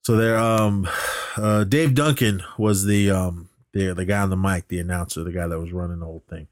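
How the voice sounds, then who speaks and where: A man's voice: deep voice, steady tone, moderate pace, dry recording, studio quality. A man hosting a podcast, recapping a movie in a rambling, filler-heavy way. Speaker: podcast host.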